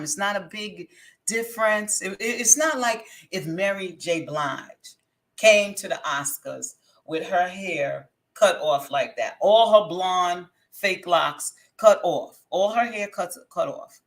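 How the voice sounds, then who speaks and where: A woman giving casual reaction commentary on a clip, blunt and opinionated, with chatty restarts. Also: mid-range voice.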